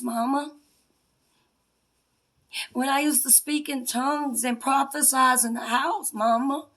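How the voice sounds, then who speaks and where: A woman with a high voice speaks slowly and deliberately, telling her story straight to her mother. She is confrontational, dropping to hushed whispers one moment and raising her voice in accusation the next. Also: fairly even intonation. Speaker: self-styled spiritual priestess. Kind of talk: emotional personal testimony addressed to her mother.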